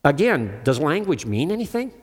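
A man's voice: a little high, sing-song, normal speed, husky. An older man preaching a sermon emphatically, asking his listeners questions and calling on them. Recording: long hall reverb.

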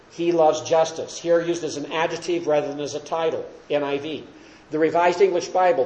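A man's voice: a little high, darkish tone. A man teaching a Bible study class, explaining verses and asking his listeners questions as he lectures. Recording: roomy echo.

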